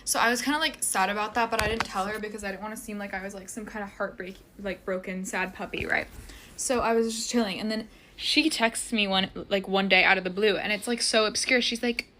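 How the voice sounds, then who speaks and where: A woman's voice: mid-range voice, fairly even intonation, fairly quick, pushed and bright, a little hiss or hum. A teenage girl rambling through a casual storytime while getting ready at home, filling every sentence with "like". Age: teens. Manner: rambling, heavy use of "like" fillers.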